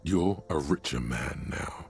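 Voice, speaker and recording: A gravelly, very deep game narrator. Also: male voice, expressive, a little mellow, heavily acted. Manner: slow, measured narration. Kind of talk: video game voice acting.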